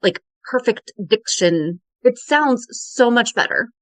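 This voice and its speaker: Woman cohost rambling in animated tangents, lots of restarts, dry sound. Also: a little high, slow pace, dry recording. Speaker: podcast co-host. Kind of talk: casual chat.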